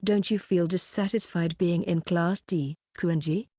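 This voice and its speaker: A woman's voice: on the low side, steady tone, measured pace, mellow, no room sound, studio quality. A woman voicing an uptight, serious schoolboy who talks in an indignant, earnest way.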